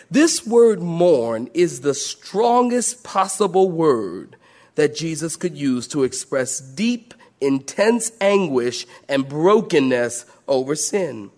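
A high-voiced middle-aged man preaching a sermon. He tells folksy stories, stumbles over restarts and repeated words, and breaks into acted-out moaning. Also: very animated, unhurried, darkish tone. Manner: folksy storytelling preacher, acts out moaning church ladies. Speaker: pastor.

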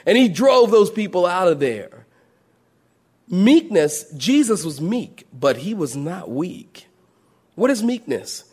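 A middle-aged male pastor delivers a sermon in a fairly high voice. He tells stories with a lot of motion, sinking to a soft, low murmur before climbing back up to loud, raised lines. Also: very animated, slow pace, breathy edge.

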